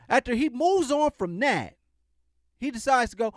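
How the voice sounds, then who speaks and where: Animated, sarcastic man on a podcast. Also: very high-pitched, normal speed, no room sound, clean studio sound. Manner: animated, sarcastic, restarts often. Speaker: podcast host. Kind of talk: casual commentary.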